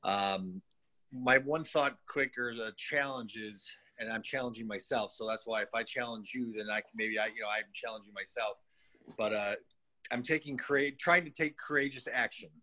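A man on a group call, sharing a short reflection in a halting way, full of fillers. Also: medium pitch, pushed and bright. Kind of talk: personal sharing.

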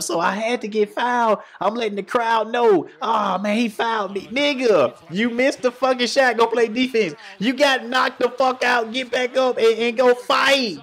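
A man hosting a reaction video, trash-talking in a profane, mocking, excitable way, his voice going hoarse. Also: high-pitched. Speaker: YouTube reaction host. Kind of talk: casual reaction commentary.

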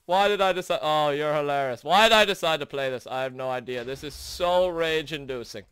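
A young man hosting a gaming video, commentating his own play in frustration, shouting and groaning between sarcastic mutters. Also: a little high, brisk, hardly any pauses, clear, resonant tone, dry recording, clean studio sound. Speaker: gaming channel host. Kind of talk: raging let's play commentary.

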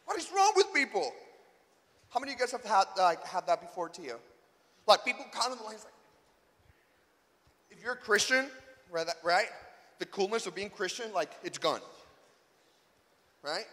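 A man giving a school chapel sermon, telling a personal story in an animated way and acting out the dialogue. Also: high-pitched, moderate pace, long pauses. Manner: animated, acts out dialogue, rising to near shouts. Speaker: chapel speaker. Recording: echoey hall reverb.

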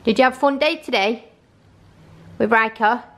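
A woman's voice: a little high, moderate pace. A woman chatting casually in a home vlog, coaxing and teasing her toddler. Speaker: family vlogger. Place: family home, indoors.

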